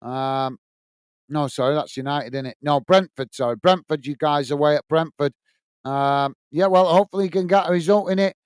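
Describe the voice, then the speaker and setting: High, smooth-voiced man hosting. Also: moderate pace, dry recording. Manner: chatty, reads viewer comments aloud and answers them; blunt and opinionated. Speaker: host. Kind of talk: live football watch-along chat.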